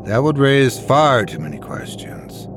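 A man voicing the cold, sinister double of a woman, speaking slowly. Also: mid-range voice, big pitch swings, over music.

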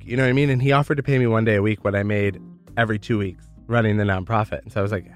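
A young man from Michigan, a founder telling his own story in a casual, candid way, lively when he quotes others. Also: fairly low pitch, rapid-fire, faint music behind. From Michigan, United States. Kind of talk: storytelling, podcast interview.

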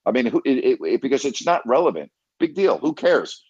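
A man's voice: medium pitch, big pitch swings, fast, a little mellow, breathy edge, dry recording, highs cut off. A man hosting a call-in sports radio show, blunt and emphatic, who keeps repeating himself to press his point.

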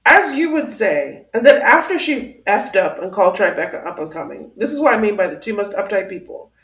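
A woman's voice: mid-range voice, very animated, a little fast, a bit bright, roomy sound. A woman co-hosting a podcast in casual chat, acting out quotes in mocking voices. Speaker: podcast co-host.

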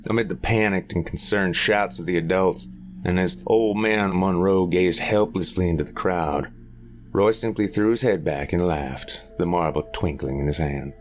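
A man narrating a horror story in a measured, grave manner. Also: deep voice, a little hiss or hum.

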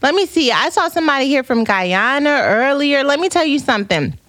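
An American woman hosts a live podcast in a bright, fairly high voice, bantering with viewers and reading their comments aloud. She moves easily between playful chat and reflective, faith-minded talk. The sound is dry and close, with almost no room. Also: big pitch swings, brisk, no echo. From United States. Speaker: podcast host. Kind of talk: casual livestream chat with viewers. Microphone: streaming camera setup.

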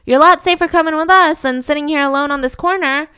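Woman playing a chatty young charmer, friendly, stammering, high-ish voice, dry sound. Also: fast talker, pushed and bright, no room sound. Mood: eager. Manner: friendly, eager, stammering small talk. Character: smooth-talking young man charming a stranger.

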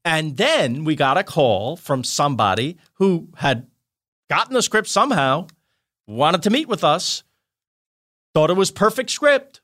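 A middle-aged man telling lively anecdotes as a podcast guest, excitable and quick to laugh. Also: a little high. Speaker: guest, writer-producer.

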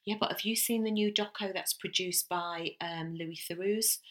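A middle-aged woman co-hosting a podcast, chatting casually and telling stories with a quick laugh. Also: lowish voice, steady tone, fairly bright tone. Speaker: podcast co-host. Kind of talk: casual chat.

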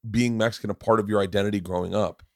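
A man's voice: on the low side, fairly even intonation, racing, no room sound, studio quality. Rambling, cursing man host. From Florida. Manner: rambling, many restarts, swears freely. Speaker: podcast host. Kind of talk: casual interview chat.

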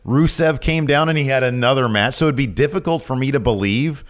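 A man co-hosting a podcast, chatting casually about wrestling and acting out quotes with sudden high voices. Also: fairly quick. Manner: animated, acts out quotes with big pitch jumps. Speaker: podcast co-host. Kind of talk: casual wrestling recap chat.

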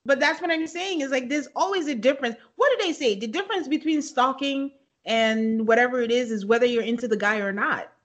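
A woman's voice: high voice, fairly quick, hardly any pauses, lo-fi sound. A woman co-hosting a podcast in casual chat, giving frank opinions and laughing easily. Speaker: podcast co-host.

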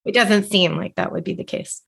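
A woman co-hosting a podcast, chatting casually and reacting quickly with short replies. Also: mid-range voice, vocal fry, fairly bright tone, breathy edge. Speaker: podcast co-host. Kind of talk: casual chat.

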